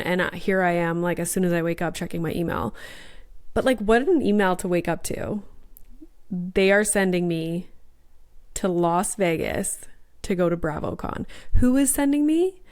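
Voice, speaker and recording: Bubbly, chatty mom podcast host. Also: female voice, mid-range voice, a little mellow. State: recovering from a sinus infection. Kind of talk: casual chat.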